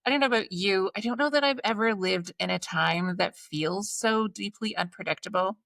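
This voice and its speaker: A woman hosting a podcast interview, replying with measured, thoughtful remarks. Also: mid-range voice, gravelly, a bit bright, no room sound. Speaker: podcast host.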